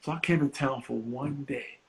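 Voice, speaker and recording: A middle-aged man, a comedian guest on a podcast, telling a story in an animated, profane way and acting out other people's voices. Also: medium pitch, normal speed, poor audio.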